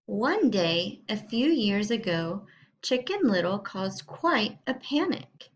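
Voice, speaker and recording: A woman teacher reading a storybook aloud to young students in a slow, clear way. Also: medium pitch, big pitch swings, muffled recording.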